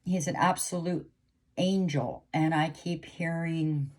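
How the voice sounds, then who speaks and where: A woman's voice: deep voice, slow, a little mellow. A middle-aged woman giving an emotional intuitive reading to camera, pleading and repeating herself. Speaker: psychic reader.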